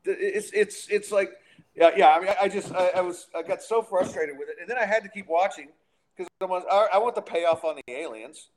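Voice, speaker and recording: A man's voice: sits high, fairly quick, slight background noise. A man hosting a casual talk podcast. He rants with an exasperated edge and trips over his words as he goes. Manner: exasperated, ranting, lots of restarts. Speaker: podcast host. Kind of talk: casual chat and rant.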